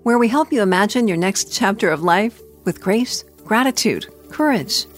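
A woman's voice: medium pitch, animated, normal speed, faint music behind. A woman hosting a podcast, welcoming listeners and guiding an interview with affirming responses. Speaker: podcast host. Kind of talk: conversational interview.

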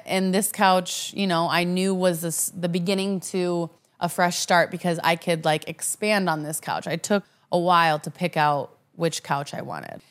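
Woman, deep low voice, candid storytelling vlog, conversational, filler words, at home. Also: fairly bright tone. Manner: frank and conversational, with frequent "like" and "you know". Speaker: vlogger sharing her personal story. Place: her apartment living room.

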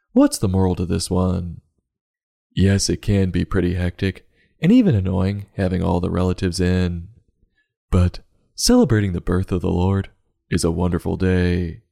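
A deep, gravelly-voiced man who hosts a comedic children's book review podcast. His sarcastic, jokey delivery swings widely in pitch. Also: mellow.

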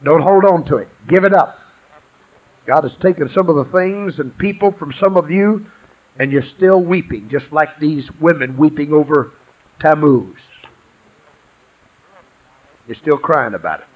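A man preaching a lively sermon to a congregation, calling out for praise and answers. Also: a little high, normal speed, phone-quality sound. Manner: exuberant call-and-response preaching, shouts and laughs. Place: church sanctuary.

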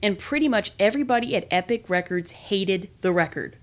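A woman reading a memoir aloud in the first person, with lively, expressive storytelling. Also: medium pitch, a little fast. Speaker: podcast reader.

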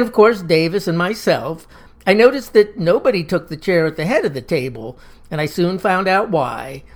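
An older storyteller spinning a folksy first-person yarn in old-fashioned phrasing. The voice sits mid-pitch and plain, with an easy, matter-of-fact telling. It is a spoken story reading.

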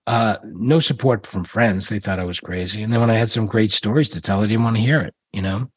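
A man's voice: lowish voice, fast, slightly rough, no room sound. A middle-aged man, a guest in an interview, telling rambling stories with many restarts and fillers. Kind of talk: casual interview storytelling.

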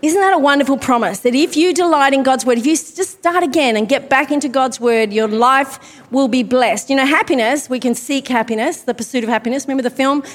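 High-voiced woman preaching in a reverberant hall. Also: fairly quick. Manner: chatty and self-deprecating, with asides. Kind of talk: sermon.

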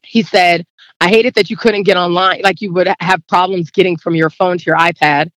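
A woman's voice: fairly low pitch, steady tone, brisk, fairly bright tone, no echo. A woman guest telling a personal story in casual chat, rambling and acting out the dialogue, close to tears. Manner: rambling, acts out quoted dialogue; emotional, near tears.

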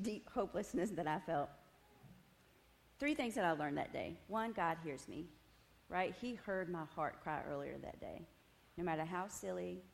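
A woman shares a personal faith testimony with a gathered group, her fairly low voice turning animated and laughing as she tells the story. A faint ambient hum sits under the room. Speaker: women's ministry speaker. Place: meeting room with tables.

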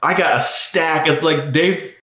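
A man co-hosting a podcast in casual, unscripted chat, playful with quick asides and animated emphasis. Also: fairly high pitch, roomy sound. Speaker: podcast co-host.

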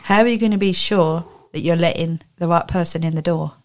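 A woman with a somewhat low voice co-hosts a relaxed faith podcast. She talks in a chatty way and paints vivid word pictures. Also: a little fast. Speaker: podcast co-host. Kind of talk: casual faith podcast chat.

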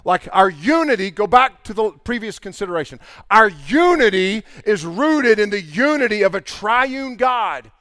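Animated man preaching a casual sermon. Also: high-pitched, dry recording, clean studio sound. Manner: animated storytelling, mimics people in dialogue. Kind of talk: conversational sermon with acted-out anecdotes.

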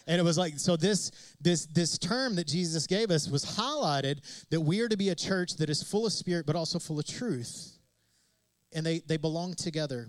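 A man's voice: fairly high pitch, expressive, normal speed, no echo, low-quality recording. A man preaching a sermon as pastor, emphatic and repetitive, asking rhetorical questions of his congregation.

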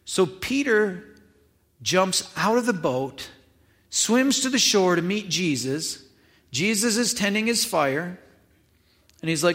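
A man's voice: high-pitched, animated, slow pace, pauses often, fairly bright tone. Casual man preaching a sermon. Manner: casual, conversational retelling with acted asides. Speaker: pastor.

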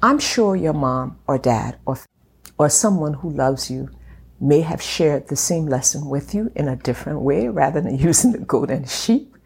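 Low-voiced woman hosting a faith podcast. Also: lively intonation, gravelly, breathy edge. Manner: warm, encouraging, slows down to stress a point. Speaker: podcast host. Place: home room at a glass table.

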